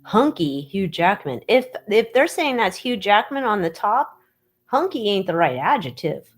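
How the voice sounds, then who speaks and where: A woman hosting a casual livestream, mocking and gossipy, with loud exclamations, talking into her webcam. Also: medium pitch, sing-song, unhurried. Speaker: livestream host reading tarot on tabloid stories.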